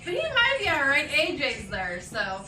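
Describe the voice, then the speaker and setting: A woman, the streamer's wife, telling a story in casual chat in an animated way. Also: high voice, moderate pace. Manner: animated, acts out others' lines. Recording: distant roomy mic with noise.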